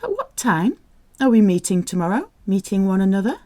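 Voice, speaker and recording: A woman teaching French, reading phrases out slowly, repeating them and cheering the listener on. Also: mid-range voice, very animated, darkish tone. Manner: slow, repeats phrases, encouraging. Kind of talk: audio language drill.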